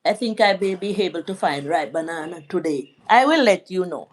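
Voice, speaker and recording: A middle-aged woman from Jamaica hosting a live stream, chatting in a rambling way and giving shout-outs to her viewers. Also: on the low side, lively intonation, a little fast. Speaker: vlog host. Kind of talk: casual live-stream chat.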